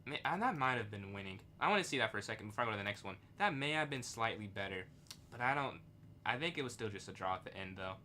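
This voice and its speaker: Young male streamer talking through live chess games, bright tone, quick outbursts, faint typing behind. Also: lowish voice, slight background noise. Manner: thinks aloud, reads chat, excitable outbursts.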